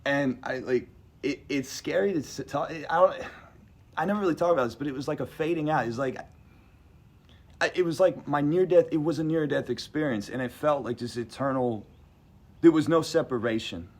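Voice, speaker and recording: A man with a fairly high voice and a fairly quick pace tells a personal story to a live audience. He rambles conversationally and gets animated and emphatic as he acts out what other people said.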